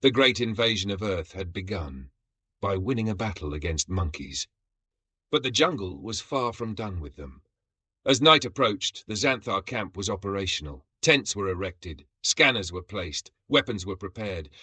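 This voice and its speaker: Husky-voiced male story narrator. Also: lowish voice, lively intonation, moderate pace, pushed and bright, no echo.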